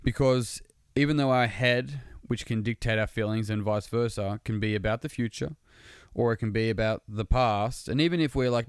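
A man's voice: medium pitch, steady tone, moderate pace, clean tone, no room sound, clean studio sound. A man talking casually and earnestly about breathing and being present, swearing freely as he goes. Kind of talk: casual motivational monologue.

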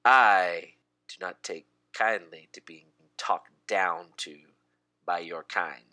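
A man voicing a haughty adult male high elf who speaks low and disdainfully. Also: slow pace, pushed and bright, full character voice.

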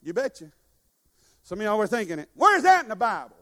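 A man's voice: sits high, big pitch swings, a little fast, a bit bright. A man preaching a sermon to a congregation, leading call-and-response and joking as he exhorts. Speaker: guest preacher. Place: church sanctuary. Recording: long church hall reverb.

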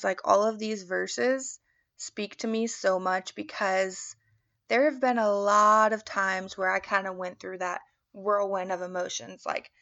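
A woman's voice: medium pitch, creaky, fairly bright tone, muffled recording. A woman who reads verses aloud steadily and then reflects on them in loose, casual talk, leading a Bible study. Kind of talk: scripture reading and personal reflection.

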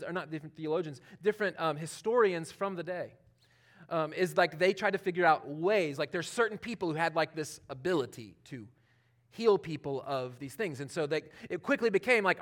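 High-voiced preacher, chatty and informal. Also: male voice, brisk. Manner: informal, many fillers, swings between loud and hushed. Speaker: pastor. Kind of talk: conversational sermon.

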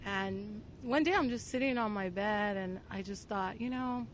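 A woman guest telling a personal story in casual conversation, full of "like" and restarts, getting louder and quicker as she gets excited. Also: medium pitch, slight background noise. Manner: filler-heavy, talks with 'like', gets louder and faster when excited. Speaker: podcast guest.

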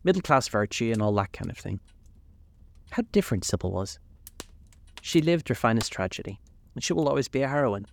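A man voicing a cold, vain young gentleman in a storybook reading, languid and dismissive. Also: medium pitch, very animated, a little fast, creaky, long pauses. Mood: aloof.

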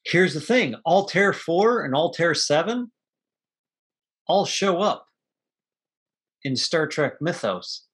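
A man chatting casually as a podcast co-host, animated, acting out lines from a film and laughing often. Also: a little high, slow, long pauses, slightly rough. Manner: animated storyteller, acts out movie quotes, laughs often. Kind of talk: casual chat.

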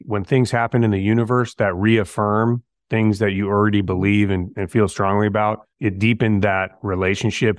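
A middle-aged man, a firefighter guest, telling stories in a relaxed, slangy way and acting out bits of dialogue. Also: fairly low pitch, dry recording, clean studio sound. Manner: laid-back, slangy, acts out dialogue. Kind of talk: casual storytelling interview.

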